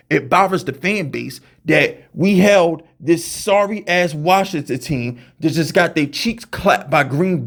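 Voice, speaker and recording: A man's voice: a little high, vocal fry. A man hosting a fan show, ranting heatedly and profanely, often stammering and repeating words as he fires questions. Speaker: podcast host.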